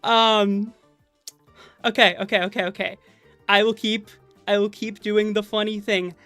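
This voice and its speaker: A woman streams from her computer mic, nervous and full of stage fright. She rambles playfully with many fillers and restarts, and her pitch sits in an ordinary middle range. The sound is close and dry, with soft game music in the background. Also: flat delivery, measured pace, no echo. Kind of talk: casual live-stream chat. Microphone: desk microphone at a computer. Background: faint game music.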